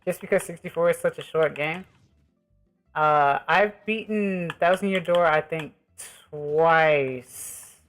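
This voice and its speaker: A man's voice: on the high side, takes it slowly, a bit bright, soft background music. A man streaming a game, chatting with his viewers in an easygoing, rambling way. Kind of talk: casual live-stream chat while gaming.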